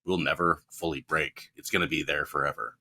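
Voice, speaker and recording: A man's voice: rumbling low, fairly even intonation, a little fast, pushed and bright, slight background noise. A man co-hosting a podcast in casual chat, making sarcastic, jokey asides. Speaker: podcast co-host.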